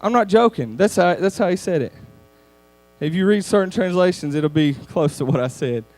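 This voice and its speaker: A man giving a youth sermon lesson, in a conversational, animated storytelling manner. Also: sits high, moderate pace. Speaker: youth speaker.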